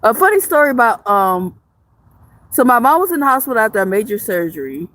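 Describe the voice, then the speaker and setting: A woman's voice: on the high side, sing-song, a little fast, a bit bright. Joking, blunt woman livestreamer. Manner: blunt, joking, swears freely; rambling with frequent restarts. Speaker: live streamer. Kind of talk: casual livestream chat reading viewer comments.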